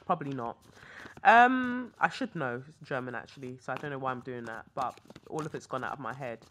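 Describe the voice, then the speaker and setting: This podcast host and tarot reader has a bass voice, yet her tone is fairly bright, and she talks in an animated, brisk way with slight background noise. The young British woman chats casually from a hotel room, rambling through asides as she reads tarot.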